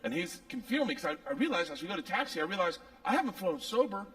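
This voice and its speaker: A man's voice: high-pitched, very animated, fast talker, fairly bright tone, recorded from a distance, poor audio. A man in his forties doing brash, profane stand-up storytelling on stage. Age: 40s. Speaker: stand-up comedian.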